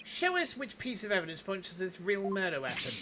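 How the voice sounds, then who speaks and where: A man voicing a stern, haughty prosecutor who speaks slowly and coolly. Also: high-pitched, huge pitch swings, crowd noise. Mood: challenging. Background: game music.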